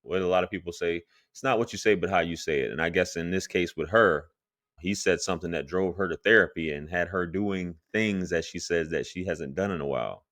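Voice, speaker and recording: A man commenting on a clip and giving calm advice about relationships. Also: low-pitched, brisk, no echo, clean studio sound. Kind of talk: reaction commentary.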